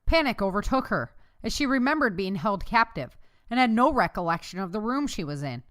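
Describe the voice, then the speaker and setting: A woman narrates a novel chapter for an audiobook. Her voice is smooth and clear, and her pitch sits at an average level for a woman. She keeps a steady storytelling pace throughout. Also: a little fast. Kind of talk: scripted narration.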